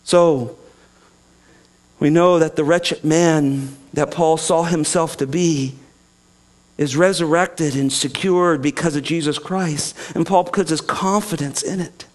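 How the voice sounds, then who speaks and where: A man with a high-pitched voice preaches a sermon. He is earnest and swings between quiet, slow passages and loud, emphatic ones. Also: steady tone. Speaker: pastor.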